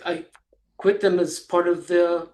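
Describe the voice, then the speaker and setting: A man in his sixties, a guest in an interview, telling a personal story in a halting way, with fillers and soft laughs between phrases. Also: high-pitched, little pitch movement. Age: 60s.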